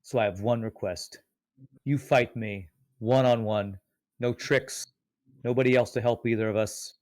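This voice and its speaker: A man's voice: medium pitch, steady tone, measured pace, darkish tone, no echo, natural voice. Man playing a weary, defiant fighter. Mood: weary, resolute. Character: weary adult male fighter, worn out by fear, defiant.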